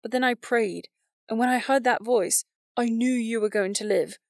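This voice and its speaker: A woman's voice: a little high, moderate pace, no room sound, studio quality, natural voice. Woman reading an earnest shy teenage boy. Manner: earnest, hesitant.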